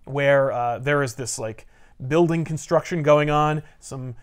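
A man with a fairly high voice recapping a comic book in casual podcast chat. He tells the story animatedly and slips into quick impressions of the characters as he goes. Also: smooth. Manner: animated storyteller who acts out characters' lines.

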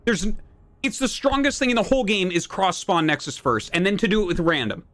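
A man's voice: sits high, expressive, brisk, a bit bright. A man streaming a game live, ranting and swearing at his opponents and his chat. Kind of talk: live gameplay commentary.

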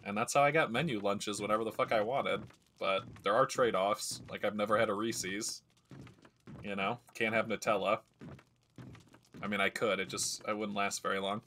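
A man's voice: on the low side, steady tone, normal speed, sharp tone, a little hiss or hum. A man streaming a video game, chatting casually and rambling through stories as he plays. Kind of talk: casual gameplay commentary.

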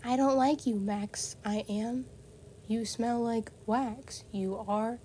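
A woman's voice: a little high, steady tone, takes it slowly, warm tone, slight background noise, low-quality recording. A woman chatting casually with a friend while they play a game together, giggly, playful and chatty. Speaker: gamer playing with a friend. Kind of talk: casual chat over gameplay.

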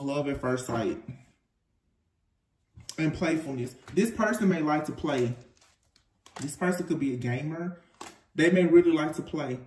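Male tarot reader, slightly high voice, lively and chatty, off-mic in a reverberant room. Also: distant mic. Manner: animated, chatty, laughs often, informal slang. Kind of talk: casual tarot reading to camera. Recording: echoey room, off-mic, faint noise.

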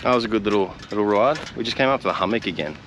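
A man's voice: fairly low pitch, animated, rapid-fire. A young Australian man chatting casually in a laid-back way as he vlogs outdoors on a windy day. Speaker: vlogger. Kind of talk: casual vlog chat. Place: outdoors by the road and beach, windy. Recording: outdoor noise from wind and traffic.

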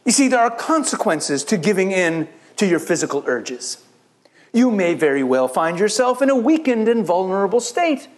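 A middle-aged man from Israel, a rabbi giving a sermon-style Bible teaching to a church audience, telling the story with lively asides and acting out the characters' lines. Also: sits high, moderate pace. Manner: animated storytelling, acts out the biblical characters in quoted voices.

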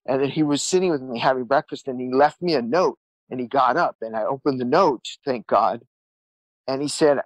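A guest musician on a podcast tells his life story candidly, earnest and rambling, repeating words and acting out what people said. His mid-range voice moves at a fairly quick pace, recorded with no echo but a muffled sound.

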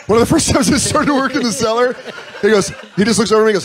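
A man in his thirties, a comedian, chatting casually and telling stories with lots of swearing and quick impressions. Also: extremely high pitch. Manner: profane, animated storytelling with quick impressions. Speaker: comedian guest. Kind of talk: casual interview chat. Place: comedy club stage, live.

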